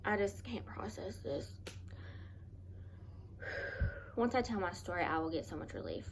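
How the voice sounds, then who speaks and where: A woman vlogger telling a personal story in an earnest, halting, confessional way, often restarting her sentences. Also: medium pitch, lively intonation, slight background noise.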